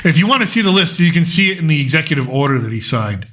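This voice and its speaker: Bright-voiced man rambling through commentary. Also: a little high, big pitch swings, fast. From United States. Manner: rambling, thinks aloud while reading through lists. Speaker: political commentary host. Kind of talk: casual political commentary.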